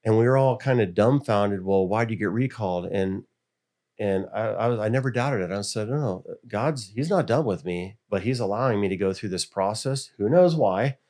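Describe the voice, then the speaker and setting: A middle-aged American man who serves on a school board tells stories in a relaxed interview. His voice is fairly low and his pace moderate, and he gets animated, acting out the voices of people he quotes.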